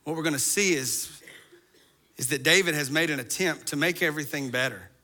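A pastor preaches a sermon in a slightly high, brisk voice that sounds pushed and bright. He drifts from conversational asides into fervent, impassioned appeals, building to impassioned crescendos.

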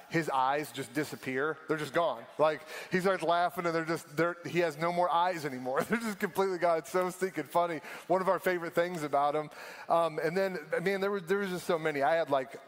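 A man, preaching a sermon in a casual storytelling way that slows down for emphasis. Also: a little high, in a large hall. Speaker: pastor.

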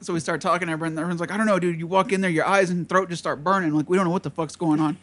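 A young man with a notably high voice tells a rambling party story to friends. His delivery is loose and profane, and he keeps acting out the other people in it. He laughs his way through the telling. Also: fairly even intonation, rapid-fire, fairly bright tone. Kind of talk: casual chat, storytelling.

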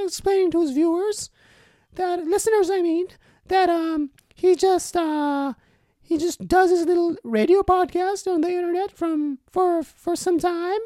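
A man voicing his imaginary doctor in a high, put-on voice with an odd accent. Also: darkish tone, no echo. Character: calm explaining doctor, the host's imaginary voice.

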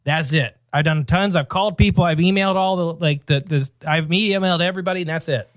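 A man's voice: on the high side, fast, no echo, clean studio sound. Joking podcast co-host man. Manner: joking, rambling. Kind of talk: casual podcast banter.

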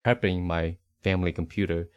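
A man's voice: low-pitched, fairly even intonation, brisk, smooth, no echo, muffled recording. A man from the Northeast United States, co-hosting a podcast in a rambling, easygoing chat, with a faint Rhode Island accent. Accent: slight Rhode Island. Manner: rambling, self-correcting, easygoing. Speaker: podcast co-host.

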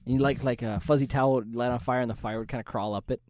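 A man's voice: medium pitch, fairly even intonation, racing, a little mellow, no room sound. A man co-hosting a podcast, telling a story in casual chat, laughing often and swearing freely. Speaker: podcast co-host.

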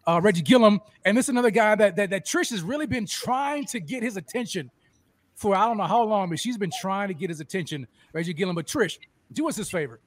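A man hosting a casual sports fan show, excitable and restarting his sentences with repeated words. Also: sits high, fast, no echo. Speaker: host.

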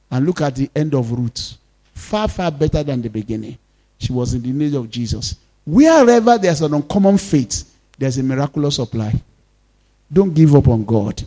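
A pastor preaching a sermon, swinging between loud exhortations and soft, intimate asides. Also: male voice, medium pitch.

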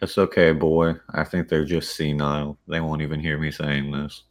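A man playing a tabletop game, speaking plainly and flatly in character. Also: extremely low pitch, moderate pace. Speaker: player. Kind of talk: tabletop role-play.

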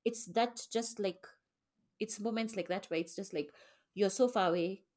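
A woman's voice: medium pitch, normal speed, darkish tone. A young woman co-hosting a podcast with her sisters, talking reflectively in casual chat and swearing now and then. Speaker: podcast co-host.

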